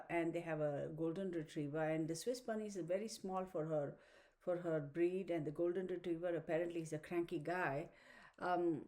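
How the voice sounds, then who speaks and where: A woman tarot reader chats casually to camera, rambling on to viewers she calls "y'all." Her voice is lowish and warm.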